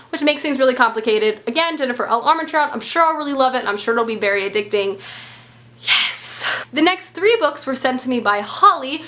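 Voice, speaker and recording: A young woman from the United States, a book vlogger talking casually and excitedly, gushing with lots of "like" fillers. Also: high voice. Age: young adult. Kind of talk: casual book haul chat.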